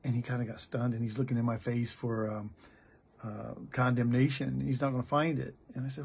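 Middle-aged American pastor, blunt and candid, with a gravelly, deeply raspy voice. Good for plain-spoken preaching. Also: male voice, little pitch movement, a little fast, a little mellow. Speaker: pastor and missionary. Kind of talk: candid sermon.

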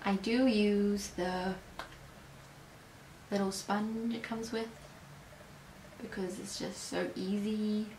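A woman in her early twenties gives a casual beauty review at an easy, drawn-out pace, rambling and hesitant, and she sounds tired. Her voice is mid-pitched. It carries a noticeable echo from the room she is recording in. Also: steady tone, a little mellow, slight background noise. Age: early 20s. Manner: chatty, rambling, unhurried with hesitations. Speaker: beauty vlogger. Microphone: camera mic. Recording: roomy echo.

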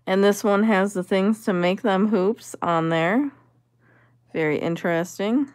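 A woman's voice: mid-range voice, unhurried, dry recording, studio quality. A woman vlogger giving casual commentary as she sorts vintage jewelry, musing and appraising each piece aloud.

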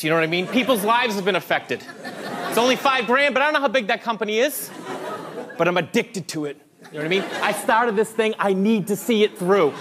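Animated stand-up comedian man. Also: sits high. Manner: animated, conspiratorial, checks in with the crowd. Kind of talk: stand-up storytelling. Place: comedy club stage. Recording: live club audio with crowd noise.

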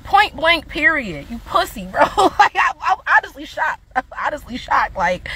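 A young woman with a high, bright voice lets loose in a heated livestream rant. She mocks and swears, breaking into scornful laughter as she goes. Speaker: livestreamer responding to her child's father.

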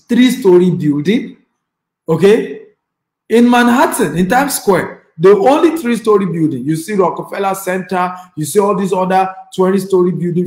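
A man's voice: high-pitched, darkish tone, roomy sound, low-quality recording. A man with a Nigerian accent giving an online class as a real estate investor and trainer. He speaks emphatically and repeats phrases, and he urges the audience to type replies.

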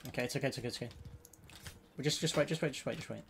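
A man streaming a competitive match, shouting quick, repetitive orders to his team and swearing often. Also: medium pitch, creaky, a little hiss or hum. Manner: urgent, repetitive callouts, swearing. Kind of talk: live gaming comms, giving orders.

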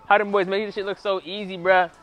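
A man hosting a prank video, talking in loud, slangy, playful bursts and laughing often. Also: high voice, level tone, fast talker, lo-fi sound. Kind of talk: hidden-camera prank banter.

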